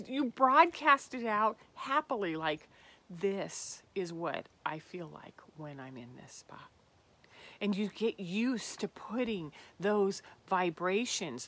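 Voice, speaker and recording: A woman's voice: mid-range voice, fairly bright tone, breathy edge. A woman hosting a spiritual self-help talk, earnest and reflective, often falling to a whisper on tender phrases. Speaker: podcast host.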